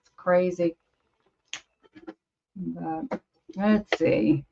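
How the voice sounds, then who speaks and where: Hosting a casual livestream from her home studio, a woman over fifty chats to viewers in a rambling, easily amused way. Her low, creaky, mellow voice is fairly even and very slow, with slight background noise on the slightly dull lo-fi audio.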